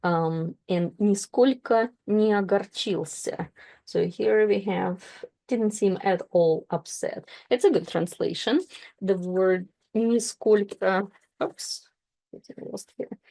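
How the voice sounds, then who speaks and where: Woman, language teacher, gravelly fry, careful explaining. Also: medium pitch, dark tone. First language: Russian. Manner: slow, careful explanations with self-corrections. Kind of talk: explaining a book read-aloud.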